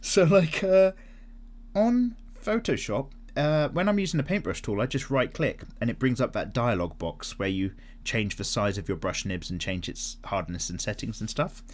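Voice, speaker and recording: A man hosting a casual art vlog, chatting and answering viewer comments in an animated way, swearing freely as he goes. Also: fairly low pitch, moderate pace, few pauses. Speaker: art channel host.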